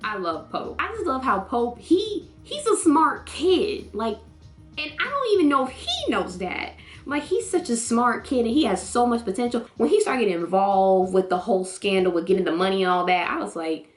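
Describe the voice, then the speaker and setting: A young woman vlogging a casual show review, slangy and animated, acting out lines with sudden high jumps in her voice. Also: moderate pace, faint music behind. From North Carolina, US. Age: young adult. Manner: animated, slangy, acts out quotes with big pitch jumps.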